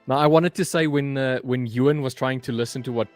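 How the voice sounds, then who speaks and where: A young British man co-hosts a livestream in easy, teasing chat. His remarks come dry and his voice sits at a middle pitch. Faint music runs underneath. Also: fairly quick. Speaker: livestream co-host. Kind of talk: casual chat.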